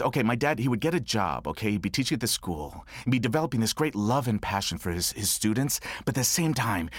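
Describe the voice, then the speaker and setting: A man telling a comic story from his childhood in a monologue, wry and animated. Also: mid-range voice, dry recording. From New York. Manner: wry, animated, dry humor.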